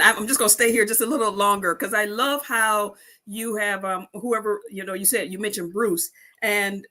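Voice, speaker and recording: A woman hosting an interview, affirming her guest with eager enthusiasm. Her voice is bright and forceful, and her questions run long. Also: mid-range voice. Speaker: host.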